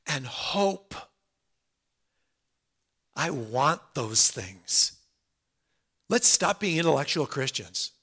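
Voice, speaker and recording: A man preaching a sermon in an earnest, conversational way, dropping soft and then rising loud. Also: mid-range voice.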